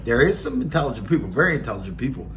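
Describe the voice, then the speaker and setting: A Baltimore, Maryland podcast host in his late forties tells rambling, streetwise stories in a blunt, casual monologue with a Baltimore accent. His mid-range voice races along, fairly bright in tone and swinging widely in pitch.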